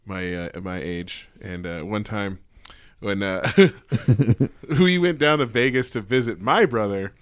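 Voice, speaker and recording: A man's voice: lowish voice, measured pace, smooth, no room sound. Casting: male radio host, easygoing and joking, dry close mic. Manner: relaxed, jokey, laughs often. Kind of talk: casual chat.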